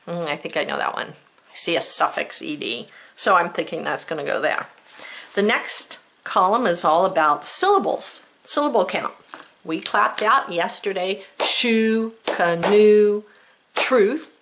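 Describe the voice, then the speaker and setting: A woman's voice: lowish voice, lively intonation, moderate pace, creaky, bright, forceful tone. A woman teacher giving a recorded spelling lesson to children, patient and encouraging, stretching out the sounds of words.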